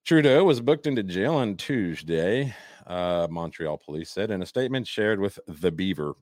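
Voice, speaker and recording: Man, very low voice, dry close sound, casual co-host, halting news reading. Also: expressive, a little mellow, no echo. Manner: halting, reads news stories aloud with restarts. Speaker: podcast co-host. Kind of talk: casual live-stream chat.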